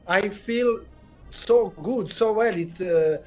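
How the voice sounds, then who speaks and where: A man with a French accent, a guest actor in an interview, answering in halting English and often pausing to search for words. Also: high-pitched, muffled recording, faint music behind. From France.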